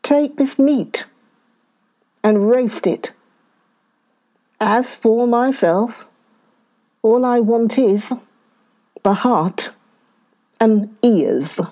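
A woman's voice: fairly high pitch, drawn-out words, long pauses, mellow, voice pushed up. A woman voicing a weak but fierce male lion who growls and blusters in a storybook tale. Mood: demanding.

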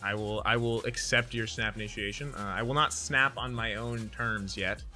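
Bright-voiced man chatting over a card game. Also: lowish voice, steady tone, moderate pace, faint music behind. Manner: chatty, laughs often, thinks aloud while counting. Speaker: streamer playing a card game. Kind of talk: casual gameplay chat.

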